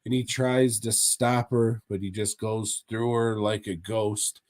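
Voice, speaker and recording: Slow-talking, joking man. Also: lowish voice, level tone, a little mellow, dry recording, studio quality. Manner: crude, joking, laughs through his recaps. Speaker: podcast co-host. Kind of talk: casual chat recapping a horror anthology.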